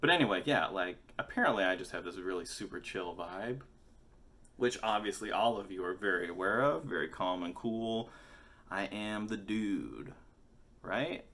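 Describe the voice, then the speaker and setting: A man in his forties with a very low, bright and forceful voice tells a rambling story in a casual vlog. He swears freely and pokes fun at himself, wandering off on tangents as he goes. The telling is loose and unscripted. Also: lively intonation, normal speed. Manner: rambling, profane, self-mocking. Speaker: musician and vlogger.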